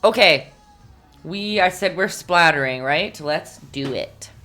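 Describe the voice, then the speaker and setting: Low-voiced woman teaching a paint-along on a live stream, chatty, encouraging, hums as she paints, faint music behind. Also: expressive, slow, pushed and bright. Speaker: painting instructor.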